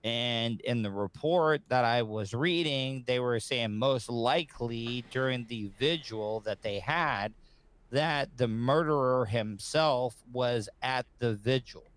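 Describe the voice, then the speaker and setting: Slow, smooth-voiced podcast host man. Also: medium pitch, a bit bright. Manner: hesitant, measured, loose phrasing. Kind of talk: podcast interview.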